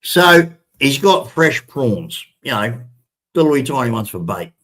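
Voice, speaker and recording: An older man spinning a casual yarn to camera. His voice sits at an ordinary middle pitch, and he keeps circling back and repeating himself as he talks. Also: sing-song, unhurried. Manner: chatty, repetitive, addresses viewers as ladies and gentlemen. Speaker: vlogger.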